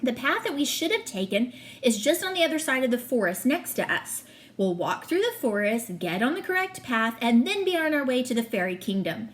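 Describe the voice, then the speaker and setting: A woman's voice: a little high, sing-song, fairly quick. A woman reading aloud as an earnest young girl, one of twins, a little defensive. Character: determined young girl, twin sister.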